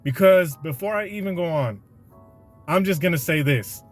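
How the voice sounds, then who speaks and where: A man's voice: a little high, lively intonation, normal speed, faint music behind. A man hosting a podcast, delivering a slangy, conversational motivational monologue with a preachy edge. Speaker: podcast host.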